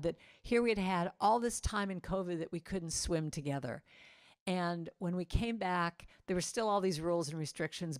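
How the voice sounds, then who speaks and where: A woman's voice: no room sound, studio quality. A middle-aged woman giving a storytelling talk to a congregation, chatty with lots of "you know," acting out quoted moments. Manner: warm, conversational, many "you know" fillers; acts out quoted moments with pitch jumps. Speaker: speaker at a spiritual center.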